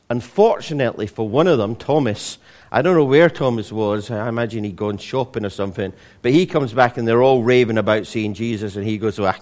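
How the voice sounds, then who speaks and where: A man preaching a sermon in a relaxed, conversational way, with jokes and frequent restarts. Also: mid-range voice, fairly quick. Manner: conversational, humorous storytelling with many restarts.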